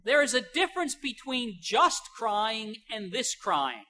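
Bright-voiced older woman preaching. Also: a little high, very animated. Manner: emphatic, slows right down on key phrases; swings between soft asides and loud stresses. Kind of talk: sermon.

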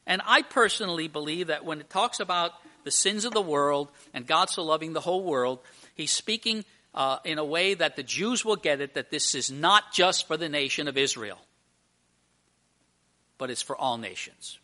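Bright-voiced pastor preaching with emphasis. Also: male voice, on the high side, lively intonation, normal speed. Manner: emphatic, with rhetorical questions. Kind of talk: sermon. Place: church service at communion.

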